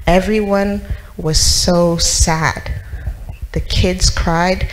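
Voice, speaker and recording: A woman's voice: mid-range voice, measured pace, a little hiss or hum, rough recording. A woman telling a story to children in church, asking them questions and acting out the characters.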